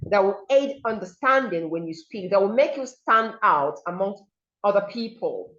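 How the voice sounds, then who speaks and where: A woman with a Nigerian accent teaching diction in an online seminar, slowly modeling example sentences aloud over a video call. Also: mid-range voice, fairly bright tone. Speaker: diction coach. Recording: dull lo-fi call audio.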